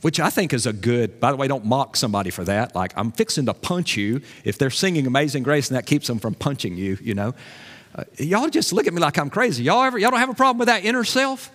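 A man preaching a sermon, folksy and animated, dropping to a low voice in prayer. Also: fairly quick. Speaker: pastor. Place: church sanctuary. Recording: long hall reverb.

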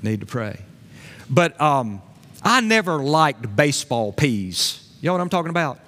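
A man preaching a sermon, folksy and animated, dropping to a low voice in prayer. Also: unhurried. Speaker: pastor. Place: church sanctuary. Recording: long hall reverb.

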